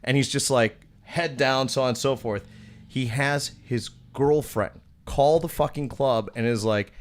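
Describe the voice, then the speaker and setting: Young male podcast host, rambling storyteller, average pitch, swears constantly. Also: measured pace. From Wisconsin. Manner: profane, rambling, acts out quoted dialogue. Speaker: podcast host, former strip club DJ. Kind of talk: casual storytelling chat.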